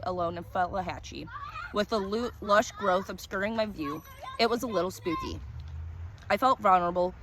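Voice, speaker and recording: A woman narrating a first-person short story in a calm, descriptive reading manner. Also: lowish voice, noisy background.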